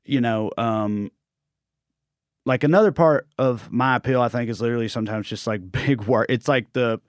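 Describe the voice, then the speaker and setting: A man's voice: mid-range voice, moderate pace, no echo, studio quality. A man with a Southern US accent, chatting as a comedian guest, rambling and self-deprecating as he jokes. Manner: rambling, self-deprecating, slips into put-on voices. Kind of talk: casual chat, comic storytelling.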